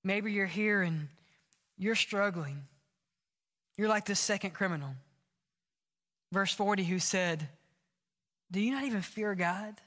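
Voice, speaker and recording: A man preaching a sermon as pastor, impassioned and earnest, sometimes dropping his voice low for emphasis. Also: a little slow, long pauses, bright, forceful tone. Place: large church sanctuary. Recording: long hall reverb.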